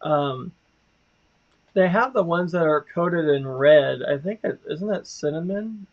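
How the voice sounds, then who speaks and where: Casual livestream co-host, man, talkative, fairly high voice, muffled audio. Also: measured pace. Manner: chatty, laughs often. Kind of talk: casual chat.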